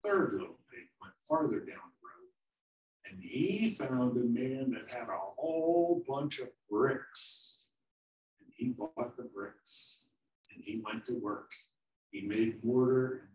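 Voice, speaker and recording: A man telling a children's story in a sermon, slow and animated. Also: medium pitch. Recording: roomy, from far off.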